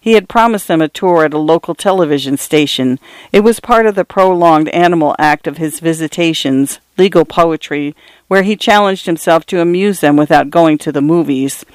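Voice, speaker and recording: A man narrates a novel in a measured, expressive reading. His voice sits a little high for a man and sounds smooth and resonant. It is close and dry, with no room sound. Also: no room sound. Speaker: audiobook narrator. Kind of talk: scripted literary narration.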